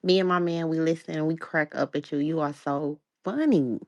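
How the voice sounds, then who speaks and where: A woman's voice: low voice, steady tone, moderate pace, a little mellow, lo-fi sound. A woman calling in to a talk show to thank the host, friendly and appreciative. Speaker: caller. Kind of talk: call-in chat.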